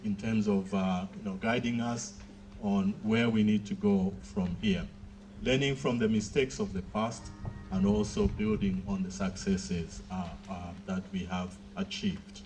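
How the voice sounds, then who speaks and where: A man giving a formal graduation speech, measured and pausing often with fillers. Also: fairly low pitch, steady tone, darkish tone, soft background music. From Southern Africa.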